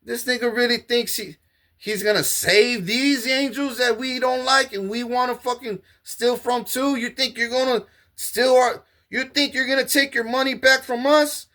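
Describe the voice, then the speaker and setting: Man doing high, scornful hospital staff voice, incredulous and mocking. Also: fairly even intonation, moderate pace, pushed and bright. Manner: mocking, disbelieving outbursts.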